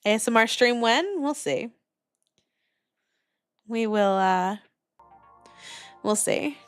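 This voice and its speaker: A woman's voice: fairly high pitch, animated, slow, clear, resonant tone, no room sound, soft background music. A woman VTuber streamer in casual live-stream chat from her attic on a new microphone, rambling and greeting viewers by name. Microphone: new studio microphone.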